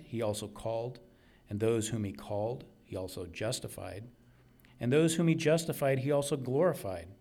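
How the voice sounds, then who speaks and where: A man delivering a sermon at a slow, deliberate pace with a mid-range voice. He is earnest and emphatic, repeating key lines to drive them home. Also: medium pitch, darkish tone. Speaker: preacher.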